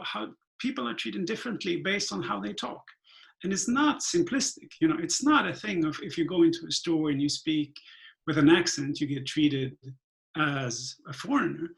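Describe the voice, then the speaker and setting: A man's voice: a little high, gravelly, rough recording. A man from Sweden whose first language is Swedish, speaking thoughtfully on a virtual panel over a video call, often restarting and filling with "like" and "um".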